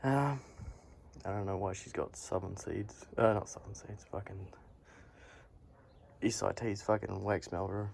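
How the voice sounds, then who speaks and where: A man's voice: fairly low pitch, steady tone, measured pace, gravelly, long pauses, a little mellow, slight background noise. A young man chatting casually while filming on his phone in a garage, rambling and swearing often as he talks. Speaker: vlogger. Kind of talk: casual vlog chat. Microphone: phone held while filming.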